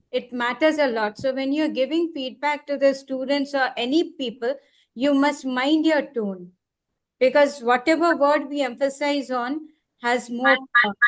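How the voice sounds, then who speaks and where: A woman trainer explaining activities in a live online workshop over a video call, repeating key words and slowing down for examples. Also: high-pitched. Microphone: computer mic on a video call.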